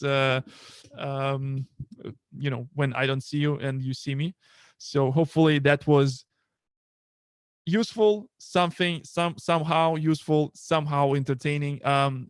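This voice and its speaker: A man with a Russian accent hosting a casual tech livestream from home, talking haltingly with many fillers and restarts. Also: fairly high pitch, clear, resonant tone, no room sound, studio quality. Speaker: livestream host.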